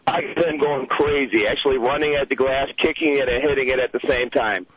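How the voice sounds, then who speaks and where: A man calling in to a radio show and telling a lively, rushed story. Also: medium pitch. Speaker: caller. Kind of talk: phone-in anecdote. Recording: dull radio broadcast, crowd noise behind.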